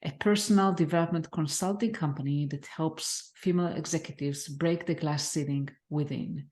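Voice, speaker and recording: A woman hosting an interview podcast, welcoming her guest and asking measured questions. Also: low-pitched, steady tone, darkish tone. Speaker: podcast host.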